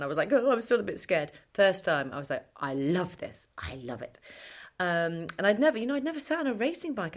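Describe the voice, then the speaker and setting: A middle-aged woman telling a long story as a podcast guest, animated and self-mocking, laughing often. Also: fairly low pitch. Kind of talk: chatty storytelling interview.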